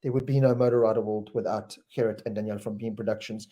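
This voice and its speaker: A man's voice: lowish voice, fairly even intonation, fast, dark tone. Chatty man hosting a live fan show. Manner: chatty, reads viewer names and questions aloud. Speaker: host. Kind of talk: live-stream chat reading fan comments.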